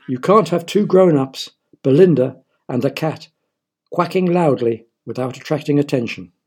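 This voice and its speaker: A man's voice: a little high, moderate pace, darkish tone, slightly rough. A man narrating a children's story in a playful way, often asking the listeners questions.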